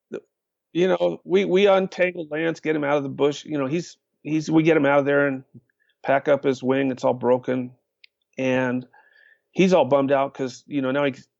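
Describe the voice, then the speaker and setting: Older man with a gravelly voice. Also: mid-range voice, no echo. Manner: lively storyteller, acts out quotes, many uh fillers. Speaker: guest. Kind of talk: storytelling in a podcast interview. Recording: dull lo-fi sound.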